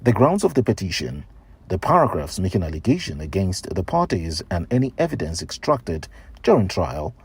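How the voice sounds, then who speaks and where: A man reading a formal news report on a court case in a measured way. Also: sits low, sing-song, darkish tone, husky. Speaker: news reader.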